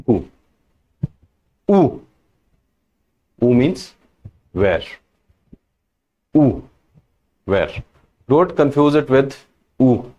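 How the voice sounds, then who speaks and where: A man teaching French question words in a slow, patient lesson, repeating each word and example. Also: mid-range voice, mellow. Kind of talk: language lesson.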